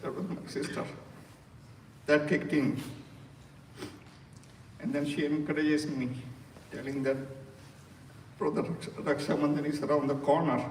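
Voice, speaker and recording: A man in his sixties, originally from India, gives an emotional eulogy for his sister, speaking earnestly and pausing often. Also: mid-range voice. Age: 60s. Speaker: brother giving a eulogy. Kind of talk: funeral eulogy. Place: funeral hall. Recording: echoey hall from far off, faint noise.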